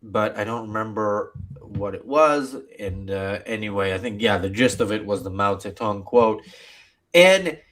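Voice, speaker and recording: Male host, rambling stream commentary, halting delivery. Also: lowish voice, animated, a bit bright. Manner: rambling, hesitant, filler-heavy.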